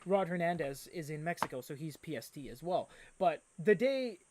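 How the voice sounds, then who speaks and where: A man hosting a live stream, chatting casually and reading out viewer comments with excitable energy. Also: on the high side, normal speed, noisy background. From Canada. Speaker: livestream host.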